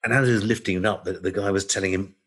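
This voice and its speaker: Jokey male podcast host, low and husky. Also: fairly even intonation, rapid-fire. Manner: jokey, laughs often. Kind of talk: casual podcast chat.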